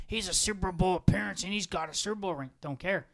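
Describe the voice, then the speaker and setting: Excitable man rambling about football. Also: fast, gravelly. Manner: excitable, rambling, pitch jumps when animated. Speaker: podcast co-host. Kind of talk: casual sports chat.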